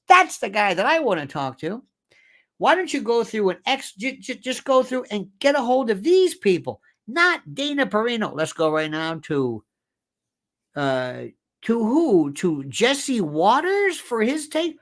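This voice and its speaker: A man's voice: high-pitched, sing-song, normal speed. A man hosting an opinion commentary show, talking in a sarcastic, emphatic way with incredulous outbursts. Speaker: political commentary host.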